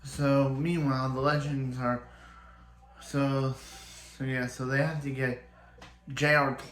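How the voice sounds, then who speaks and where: A man's voice: mid-range voice, fairly bright tone. A man casually recapping a TV episode, rambling with lots of restarts and fillers. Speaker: TV show reviewer. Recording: roomy echo.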